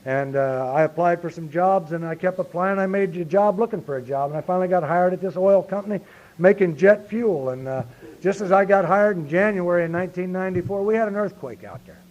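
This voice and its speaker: A man's voice: high-pitched, brisk, a little mellow. A middle-aged man speaking earnestly at a recovery meeting, often saying "you see" and building to emphatic points. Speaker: speaker sharing his recovery story. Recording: lo-fi 1990s meeting tape.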